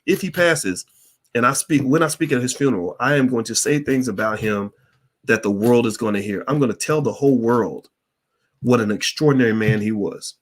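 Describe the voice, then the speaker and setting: A middle-aged man hosting a Q&A stream, telling a story in a blunt, profane, animated way. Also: mid-range voice, brisk. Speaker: host of a Q&A stream. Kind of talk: candid storytelling monologue.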